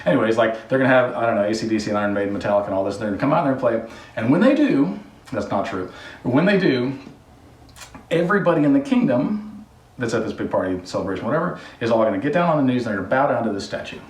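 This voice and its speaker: A man hosting a home repair video rambles through a story full of jokey asides before casually explaining plumbing steps, working in an area where a water heater is being installed. His low voice is expressive and racing, picked up by a distant mic in an echoey room.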